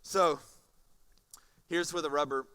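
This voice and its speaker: A man preaching a sermon as pastor, animated and often repeating words. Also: on the high side, takes it slowly, smooth.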